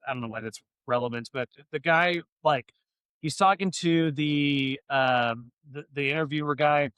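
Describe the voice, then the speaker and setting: A man's voice: on the high side, normal speed, a bit bright, smooth, dry recording. Fired-up, foul-mouthed podcast co-host man. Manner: profane, rambling and fired up. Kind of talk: casual podcast chat.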